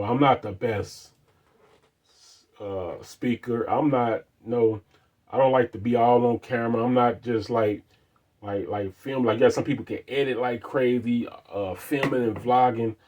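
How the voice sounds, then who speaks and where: A man's voice: medium pitch, a little mellow, dull audio. Rambling, earnest man in casual talk. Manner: rambling, repeats words, earnest and encouraging. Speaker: car DIY channel host. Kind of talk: casual motivational talk to camera.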